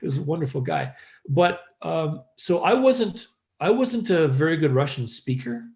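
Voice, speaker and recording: A man's voice: on the high side, sing-song, moderate pace, creaky, darkish tone. A middle-aged man from Western Canada, a podcast guest telling a long story in a loose, rambling way with lots of fillers. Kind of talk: casual storytelling interview.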